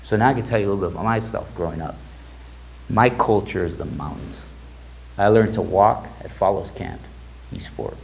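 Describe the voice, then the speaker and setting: A middle-aged man speaking as a guest to a live audience, telling stories in a relaxed way and acting out the quoted dialogue. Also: low voice, normal speed, vocal fry, a little hiss or hum, rough recording. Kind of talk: storytelling talk to an audience.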